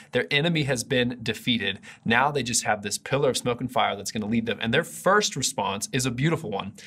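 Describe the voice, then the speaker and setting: A man's voice: medium pitch, fairly bright tone, slightly rough. A man giving a conversational video sermon as pastor, earnest and often restarting his sentences. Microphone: camera mic for an online video.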